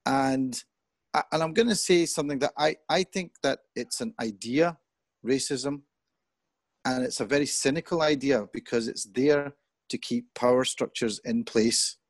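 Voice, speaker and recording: A man's voice: mid-range voice, moderate pace, no room sound. Earnest, thoughtful middle-aged man. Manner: earnest and thoughtful, animated when quoting others. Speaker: interview guest. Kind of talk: reflective conversation.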